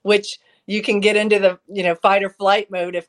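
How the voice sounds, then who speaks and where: A woman's voice: medium pitch, normal speed, few pauses. A middle-aged woman chatting casually as a co-host, telling anecdotes with quoted back-and-forth. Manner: storytelling, lively anecdotes with quoted dialogue. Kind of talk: casual chat.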